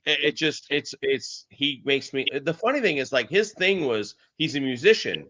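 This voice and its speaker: A man telling stories in a casual group chat, often halting and restarting, with a muffled lo-fi sound. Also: a little high, very animated, pushed and bright. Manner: storytelling, halting restarts, laughs. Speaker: host.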